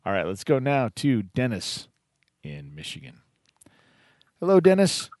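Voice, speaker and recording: A man's voice: low voice, sing-song, moderate pace, no room sound. A man hosting a call-in radio show, chatting with callers. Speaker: radio host.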